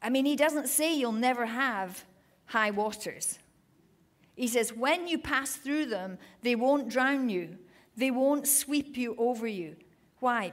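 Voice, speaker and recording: A woman preaching to a women's gathering, reading scripture passages aloud and then urging her listeners on, clearing her throat now and then. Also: a little high, animated, takes it slowly. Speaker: women's ministry speaker.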